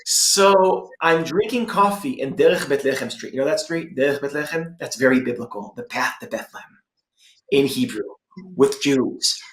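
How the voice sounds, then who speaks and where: An Israeli man speaking on a conference panel, emphatic and lively, repeating his points for effect. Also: mid-range voice, moderate pace, echoey room, rough recording. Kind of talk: animated panel discussion. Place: room in Jerusalem.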